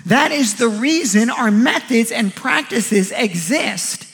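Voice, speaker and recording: A man's voice: very high voice, vocal fry, a bit bright. A man preaching a sermon as pastor, in a casual, conversational way, often acting out the voices of the people he quotes.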